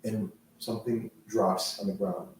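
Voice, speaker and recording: A man's voice: fairly low pitch, level tone, a little slow. A man narrating a tabletop role-play game as game master, rambling loosely with many fillers. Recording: echoey room, mic far off, faint noise.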